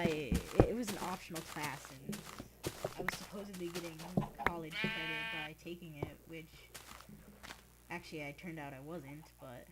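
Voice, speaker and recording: A teenage boy rambling through a casual story, full of fillers and restarts, as host of a game video. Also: high-pitched. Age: teens. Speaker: let's play host. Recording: loud background noise with clicks.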